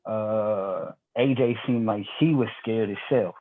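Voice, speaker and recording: A man's voice: fairly low pitch, takes it slowly. A man co-hosting a casual wrestling chat, giving his opinions hesitantly and stammering. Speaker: podcast co-host. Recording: tinny phone-like line.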